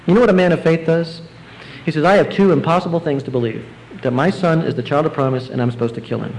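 A man preaching a sermon, explaining scripture verse by verse and rising now and then to emphatic, excited bursts. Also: on the high side, fast, poor audio. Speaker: pastor.

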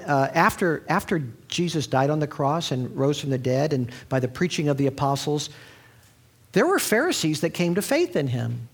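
A man preaching a sermon in a conversational, storytelling way, with frequent restarts. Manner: animated, sweeping pitch.

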